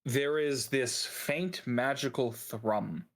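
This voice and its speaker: A man's voice: medium pitch, slow pace. A man acting as game master, narrating a tabletop game and working through rules on the fly with frequent laughs.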